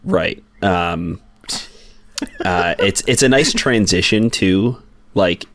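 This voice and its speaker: A man with a very low voice discussing comics on a podcast. He talks casually and hesitantly, stopping and restarting often. His tone stays easygoing. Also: takes it slowly, fairly bright tone, no room sound. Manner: hesitant, many fillers and restarts. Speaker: podcast co-host.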